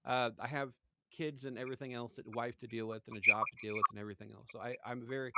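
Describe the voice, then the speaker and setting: A man's voice: medium pitch, little pitch movement, fast talker, very noisy. A middle-aged man hosting a podcast, talking casually with many restarts and repeats. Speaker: podcast host. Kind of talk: casual chat.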